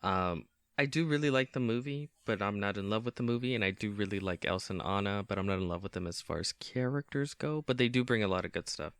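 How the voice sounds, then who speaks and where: A man's voice: fairly low pitch, fast talker, few pauses, a bit bright, clear, resonant tone, no echo. A man co-hosting a podcast in casual chat, hesitant with frequent ums and restarts, laughing often. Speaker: podcast co-host.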